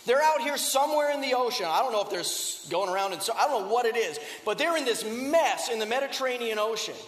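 High-voiced preacher in an echoey hall. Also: male voice, expressive, fast, a bit bright. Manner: conversational storytelling with rhetorical questions. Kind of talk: sermon. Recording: echoey hall with long reverb.

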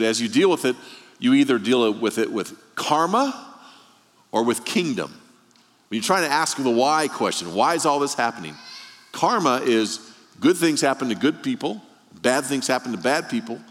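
A man's voice: medium pitch, fairly bright tone, in a large hall. A man preaching a sermon, asking the listeners question after question and telling the story with rising emphasis. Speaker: pastor.

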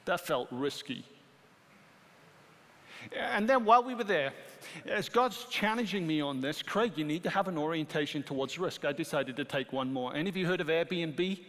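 A middle-aged British man preaching a sermon as pastor, animated and rising to emphatic peaks. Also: fairly high pitch, moderate pace. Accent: British English. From Britain. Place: church sanctuary. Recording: long hall reverb.

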